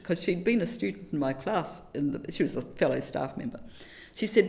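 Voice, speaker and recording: A middle-aged woman from New Zealand talks about teaching in a relaxed interview. Her voice sits a little low, and she tells stories in an animated, self-deprecating way, often reaching for a quote or a saying. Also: fairly quick, vocal fry. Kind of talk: reflective conversational interview.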